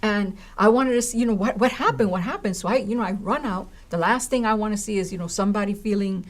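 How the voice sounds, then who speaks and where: Speaking quickly in a mid-range voice, a woman who teaches college tells a story in conversation. She's animated, acts out the voices of the people in it, and keeps checking in with "right?" and "you know."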